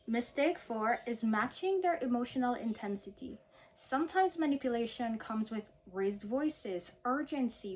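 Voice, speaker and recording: Calm, firm woman coaching to camera. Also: fairly high pitch, slight background noise. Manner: calm, firm and coaching, with slowed emphasis on key phrases. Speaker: self-help video host. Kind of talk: direct-to-camera advice talk.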